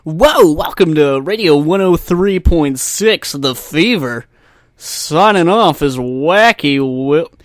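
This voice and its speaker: A brash male morning radio DJ, put on by a man with a hyped, drawn-out announcer delivery. The voice jumps up high and loud and drags each word out slowly. It comes through a dry USB desk microphone. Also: expressive, no room sound.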